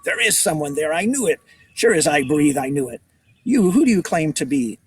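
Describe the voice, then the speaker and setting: A man voicing a gruff shipwrecked sailor with a heavy accent and old-fashioned seafaring speech. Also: on the high side, very animated, moderate pace, pitched above the performer's own voice, exaggerated voice. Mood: demanding. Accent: heavy unplaced accent. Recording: distant outdoor mic, birdsong noise.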